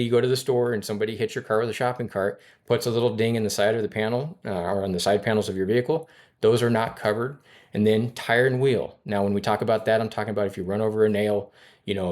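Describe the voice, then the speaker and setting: A man giving a sales training talk in a brisk coaching manner, acting out lines he would say to a customer. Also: fairly low pitch, a little mellow. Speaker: finance and insurance sales trainer.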